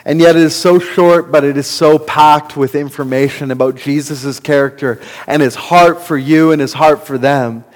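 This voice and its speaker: A male pastor delivers a sermon in an earnest voice that sits a little high. He builds to impassioned emphasis. His words echo with the long reverb of a hall. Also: steady tone, normal speed, few pauses.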